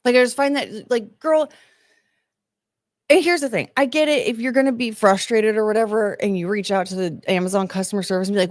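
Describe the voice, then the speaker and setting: A woman's voice: medium pitch, brisk, no room sound, clean studio sound. A young adult woman hosting a podcast, ranting in casual commentary and reading chat, with lots of fillers. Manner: chatty, exasperated, ranting with many fillers. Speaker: podcast host.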